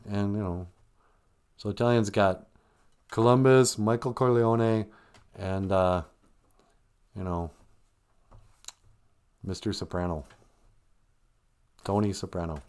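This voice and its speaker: A man's voice: lowish voice, unhurried, long pauses, darkish tone, smooth. A man hosting a live stream, chatting casually in a joking, rambling way and reading out viewer comments. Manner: joking, rambling, reads chat comments aloud.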